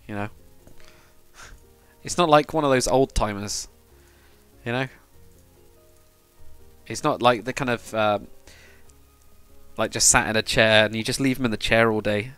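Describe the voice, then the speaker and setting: In a dry recording, a UK livestreamer with a medium-pitch, a bit bright, clean-toned voice talks with viewers while building in a game. This British man keeps it casual and rambling, with the odd swear word.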